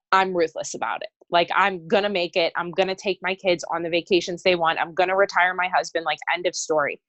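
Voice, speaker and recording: A woman's voice: mid-range voice, a bit bright, no room sound. A woman in her thirties giving a casual, emotional testimony to a group call as a sales coach, with many fillers and strong emphasis. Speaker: network marketing coach.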